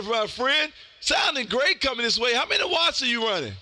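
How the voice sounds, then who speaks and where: Loud folksy man on the radio. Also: very high-pitched, lively intonation, normal speed, very noisy. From Texas. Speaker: ham radio operator and streamer. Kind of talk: ham radio contact chat.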